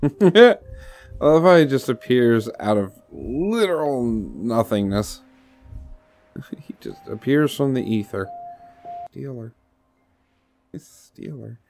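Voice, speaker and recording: A man streams a game and comments live, laughing often and talking excitedly to the character on screen. His voice is gravelly and his pace unhurried, with lively jumps in pitch. The sound is dry, with faint music underneath.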